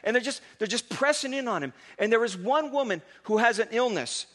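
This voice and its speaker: Bright high-voiced male pastor preaching. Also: a little fast. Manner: animated storytelling with casual asides. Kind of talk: sermon.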